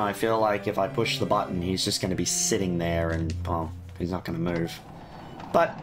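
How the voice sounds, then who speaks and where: A man giving casual, joking let's-play commentary, swearing freely. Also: fairly low pitch. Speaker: game streamer.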